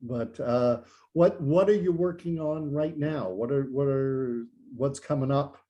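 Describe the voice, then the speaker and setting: A middle-aged man hosting a casual interview, asking relaxed questions and adding asides. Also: medium pitch, measured pace, muffled recording. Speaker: host.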